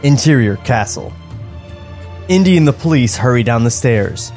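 A man's voice: medium pitch, sing-song, brisk, darkish tone, soft background music. A man co-hosting a comedy podcast, reading screenplay narration aloud and breaking off into incredulous rants. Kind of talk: comedic table read narration.

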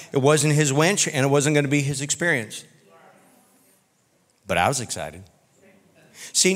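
A man preaching a sermon as pastor, telling folksy stories in an animated way. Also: medium pitch. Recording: reverberant church hall.

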